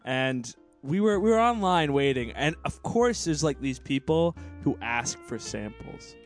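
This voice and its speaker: A man co-hosting a casual comedy podcast, rambling through stories, getting loud and cursing. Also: a little high, unhurried, faint music behind. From United States. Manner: animated, swears, rambling storyteller. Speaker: podcast co-host.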